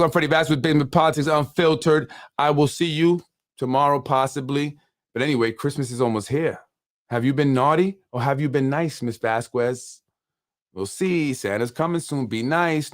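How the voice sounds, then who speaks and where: A man's voice: medium pitch, moderate pace, dry recording, clean studio sound. Taunting New man hosting politics. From Yonkers, New York. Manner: taunting, sing-song mocking. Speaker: host of a local politics show. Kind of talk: casual political livestream commentary. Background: hip hop music.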